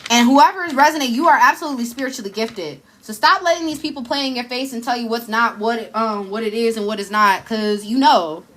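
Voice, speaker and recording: A woman's voice: fairly high pitch, fast, few pauses, a bit bright. A woman, giving an emotional, effusive live tarot reading in casual slang. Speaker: tarot reader. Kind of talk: live spiritual card reading.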